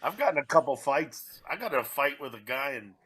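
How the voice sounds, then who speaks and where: A man hosting a podcast, telling a comedy-club anecdote in casual chat with quick asides. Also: mid-range voice, big pitch swings, fairly bright tone, slightly rough.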